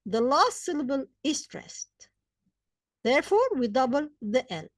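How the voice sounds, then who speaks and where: A woman with Arabic as her first language teaches English grammar at a slow, careful pace. Her fairly high voice rises and falls a lot as she stresses each example and spells out letters. The recording is dry and close. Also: very animated, no echo. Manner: hesitant fillers between points. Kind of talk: slow, deliberate grammar lesson.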